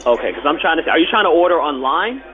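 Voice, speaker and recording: Polite restaurant worker on a tinny phone. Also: male voice, on the high side, big pitch swings, quick pace. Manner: polite, apologetic, keeps saying he can't hear. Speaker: restaurant worker on a prank call. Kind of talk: phone conversation. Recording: tinny phone line, busy restaurant behind.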